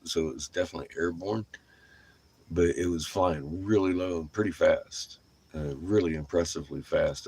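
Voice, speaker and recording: Man, middle-aged, very low voice, husky, casual rambling storyteller, swears a lot, laughs often. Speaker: vlogger.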